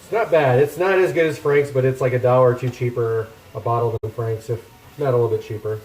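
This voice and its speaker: A man's voice: mid-range voice, fairly even intonation, quick pace, a little mellow, reverberant. A man chatting casually to his viewers while cooking in a home kitchen, rambling and poking fun at himself. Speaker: cooking streamer. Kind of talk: casual cooking chat with live chat.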